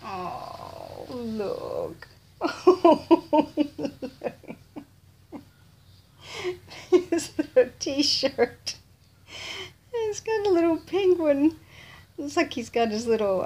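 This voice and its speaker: Soft-spoken gushing woman, often whispering. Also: a little high. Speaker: vlogger. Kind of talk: casual unboxing chat. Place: home, indoors.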